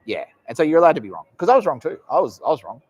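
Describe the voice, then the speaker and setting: A man's voice: fairly high pitch, big pitch swings, racing, slightly rough. An Australian man hosting a casual live podcast, rambling and swearing often with frequent laughs. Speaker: podcast host.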